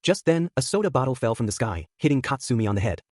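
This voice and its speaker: A man reads a fan fiction story at a quick clip, his voice husky and a little rough around the edges. The sound is dry and close, with no room around it. He lifts his pitch to voice the characters in between the narration. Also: big pitch swings, darkish tone, dry recording. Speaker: fanfic narrator.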